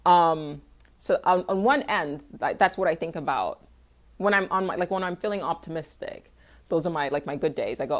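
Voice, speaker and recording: A woman's voice: deep voice, animated, normal speed. Candid, swearing woman on a livestream. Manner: candid, rambling, swears freely. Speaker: artist hosting a livestream. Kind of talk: casual livestream chat answering viewers. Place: home, livestream.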